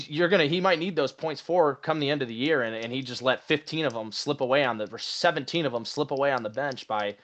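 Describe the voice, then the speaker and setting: Brief: male podcast co-host, relaxed analytical chat, middle pitch. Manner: conversational, repeats "right?" and "I mean". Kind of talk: casual sports podcast chat.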